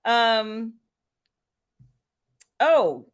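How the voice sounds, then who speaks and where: A woman's voice: a little high, big pitch swings, extremely slow. A middle-aged woman author hosting a casual livestream, chatting, laughing and greeting viewers by name. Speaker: author and live show host.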